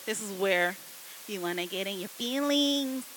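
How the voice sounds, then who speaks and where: A woman speaking to a class of students as a guest copywriter, in a lively, casual, conversational way, turning often to address them directly. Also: mid-range voice, unhurried, a little hiss or hum, low-quality recording.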